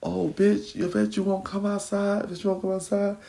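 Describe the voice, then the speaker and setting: Brief: a cursing teenage girl picking a fight, put on by a male storyteller, pitched up, gravelly. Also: flat delivery, moderate pace, warm tone. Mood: taunting. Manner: taunting, cursing. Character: angry teenage girl taunting her rival.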